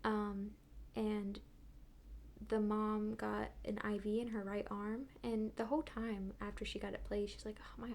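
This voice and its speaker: A woman, a midwifery student and podcast guest, telling a story in a casual, animated way and sometimes dropping to a whisper. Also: medium pitch, measured pace, vocal fry. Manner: animated retelling, drops into whispers.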